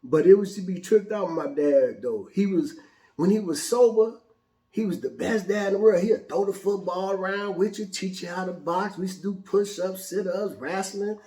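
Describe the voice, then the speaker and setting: Male host, fairly high voice, animated profane storyteller, echoey room. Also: normal speed. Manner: animated, casual, profane, restarts often. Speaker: show host. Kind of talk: personal storytelling.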